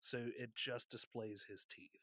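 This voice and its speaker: A man's voice: medium pitch, fairly even intonation, a little slow, pushed and bright, no echo. A man co-hosting a casual podcast chat, joking and laughing often. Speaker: podcast co-host.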